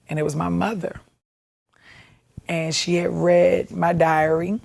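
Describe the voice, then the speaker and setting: A woman candidly recounting her own life in a documentary, halting and reflective, with music behind her. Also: low-pitched, creaky, darkish tone. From Baltimore, USA. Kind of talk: personal documentary testimony. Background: background music.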